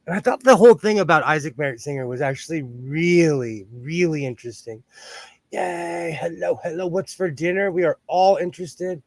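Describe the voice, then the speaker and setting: A middle-aged man with a Southern Californian accent hosts a live sewing stream and greets viewers one by one. His voice sits a little high, and the sound is dry and close. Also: moderate pace, vocal fry, no room sound. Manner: chatty, greets viewers by name. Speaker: host of a sewing livestream. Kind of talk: casual livestream chat.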